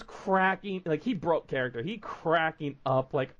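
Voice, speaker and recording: A man's voice: a little high, moderate pace, dull audio. A man hosting a podcast, telling stories in rambling casual chat full of fillers. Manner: rambling storytelling with many fillers. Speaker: podcast host.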